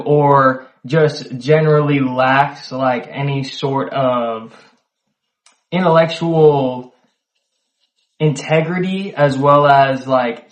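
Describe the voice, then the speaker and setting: A man talking to camera in a loose, conversational monologue, full of fillers and the odd swear word. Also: mid-range voice. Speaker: solo video host. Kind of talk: casual reflective monologue. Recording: echoey room, poor mic.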